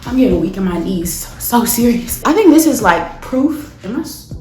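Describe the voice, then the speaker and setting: A woman's voice: on the high side, sing-song, normal speed, reverberant, faint music behind. A young woman, vlogging in a nervous, joking way, counting down and yelping, shaky and sweaty. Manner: dramatic, nervous, joking, loud yelps and counting down. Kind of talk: casual vlog chat. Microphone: phone camera.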